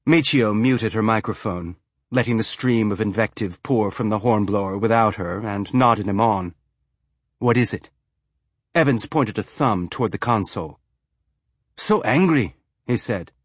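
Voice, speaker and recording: A man narrating an audiobook with an even, measured reading. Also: fairly low pitch, slightly rough, no room sound, studio quality.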